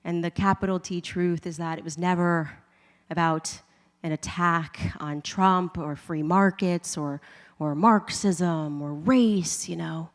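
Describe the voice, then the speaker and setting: A lower-pitched woman from the United States tells a personal faith story in a loose, conversational way, with plenty of "like" and light laughs between lines. Her voice carries a long reverb, as if heard in a large hall. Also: fairly even intonation, slow pace. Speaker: speaker giving a faith testimony.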